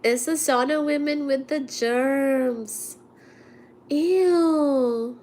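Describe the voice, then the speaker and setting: High-pitched and drawing out her words, a woman vlogger coughs through a cold while telling an indignant, chatty story live, acting out each quote. A little hiss or hum sits under the recording.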